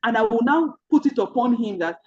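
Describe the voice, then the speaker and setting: A Nigerian-accented woman guides an online group, earnestly recounting personal stories, talking directly to listeners and restating key points so they stick. Her fairly high voice is animated, a little mellow and a bit fast, on a muffled recording without echo.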